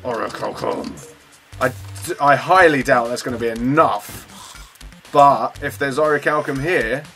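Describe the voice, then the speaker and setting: A man giving chatty, self-mocking let's play commentary at his computer, breaking into sudden excited outbursts. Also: mid-range voice, unhurried, faint music behind. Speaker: gaming channel host.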